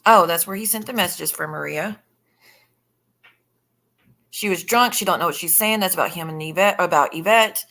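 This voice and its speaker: A woman chatting on a casual live stream with a bright, forceful voice. She talks bluntly and swears freely, reacting to messages and greeting her viewers. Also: on the low side, moderate pace, creaky, pauses often. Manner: blunt and profane, chatting with viewers while scrolling. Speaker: livestreamer.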